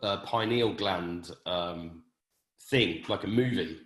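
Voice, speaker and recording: A man's voice: deep voice, takes it slowly, a bit bright. A man hosting an interview in a chatty, reflective way. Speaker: host. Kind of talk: conversational interview. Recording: echoey room.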